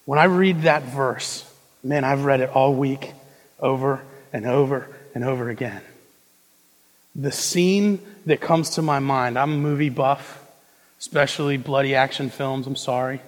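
A young man preaching a sermon, moving between hushed intensity and loud, emphatic delivery. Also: mid-range voice, measured pace. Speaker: pastor. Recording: long reverb of a large hall.

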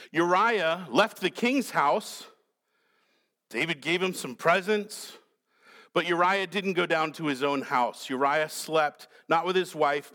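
A man's voice: fairly high pitch, a bit bright. A male pastor preaching a sermon in a dramatic, questioning way, acting out the characters.

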